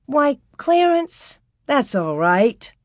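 A woman voicing an earnest, kind young schoolteacher giving gentle encouragement to her pupils. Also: mid-range voice, animated, normal speed, no echo, studio quality, close to an everyday voice. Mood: warm surprise.

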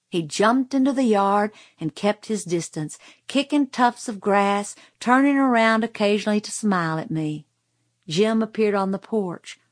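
A woman narrating a novel in the first person, in a quiet, even storytelling voice. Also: mid-range voice, dry recording, clean studio sound. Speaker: audiobook narrator.

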